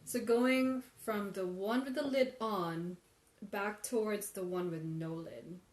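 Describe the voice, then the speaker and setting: Here a tea livestream host speaks slowly at a medium pitch. As she weighs one infusion against another, she reasons aloud and takes viewer questions, all in spacious-sounding audio with faint ambience.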